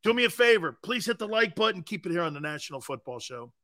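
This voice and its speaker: Sports talk host, man in his sixties, rowdy and salty, slightly high voice. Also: very animated, quick pace, over loud music. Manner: loud, profane, laughing storyteller. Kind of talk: casual storytelling on a sports talk show.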